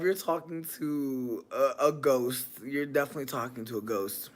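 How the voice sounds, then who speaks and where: A streamer high on weed gummies, rambling and swearing through casual late-night livestream chat, breaking into shrieking laughter. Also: normal speed, few pauses, a little hiss or hum.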